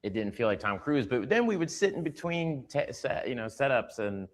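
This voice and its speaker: A man telling a story from a film set in an interview clip, slipping into quick impressions of the people in it. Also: mid-range voice, sing-song.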